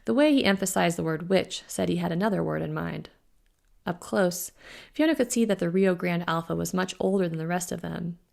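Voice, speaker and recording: A woman author reads her own fantasy novel aloud in a steady, even manner. Her voice is low and carries heavy vocal fry throughout. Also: brisk. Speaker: author reading her book. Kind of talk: audiobook narration.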